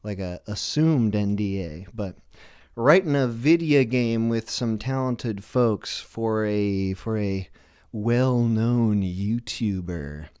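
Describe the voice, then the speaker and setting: A man's voice: on the low side, slow pace, darkish tone, clean tone, no echo, studio quality. A man hosting a live stream, rambling through a self-deprecating comedic monologue full of restarts. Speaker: livestream show host.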